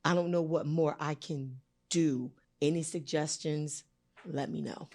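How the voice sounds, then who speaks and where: A woman with a notably low voice speaks up from the audience about her work with children. Her words pour out in an emotional, heartfelt way. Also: fairly even intonation, a little mellow. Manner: emotional, heartfelt, fast-flowing. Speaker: audience member, school paraprofessional.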